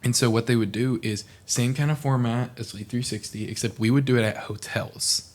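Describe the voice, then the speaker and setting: A man's voice: mid-range voice, brisk. A young man from Oklahoma, a podcast guest, telling stories in casual chat and acting out the people in them. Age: young adult. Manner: animated storyteller, acts out quoted people.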